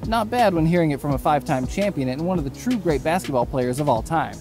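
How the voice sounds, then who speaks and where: A man's voice: fairly high pitch, lively intonation, fast talker, music in the background. Man narrating a sports documentary.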